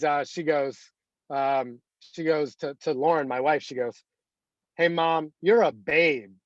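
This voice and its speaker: A man's voice: fairly high pitch, dry recording, highs cut off. A man in his thirties leading a motivational team call over video, talking in a rambling, anecdotal way full of fillers. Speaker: team leader.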